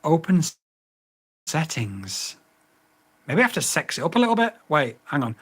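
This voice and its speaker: A man in a casual review vlog, his pitch leaping all over as his patience runs out. He swears and keeps repeating the same voice commands, exasperated and blunt. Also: huge pitch swings, normal speed, pauses often, fairly bright tone, husky. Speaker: vlogger reviewing a drone radio.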